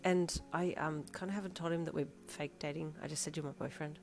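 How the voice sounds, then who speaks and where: A woman voicing a blunt young woman who calls out lively and turns flat when annoyed. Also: deep voice, brisk, gravelly, faint music behind.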